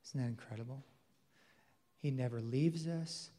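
A male pastor preaching a sermon with emphasis, swinging between loud declarations and hushed, intimate passages. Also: mid-range voice, measured pace. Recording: long hall reverb.

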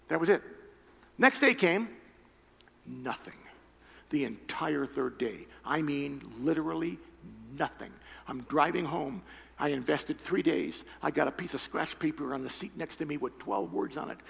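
A man preaching a sermon, telling a personal story with loud animated retellings and quiet earnest appeals. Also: fairly high pitch, moderate pace, creaky, slightly rough. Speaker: pastor. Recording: reverberant hall with faint music.

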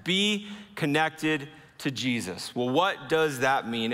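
Bright-voiced man preaching in a reverberant hall. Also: lively intonation. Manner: earnest preaching, slowing and dropping low for emphasis. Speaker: pastor. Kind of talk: sermon.

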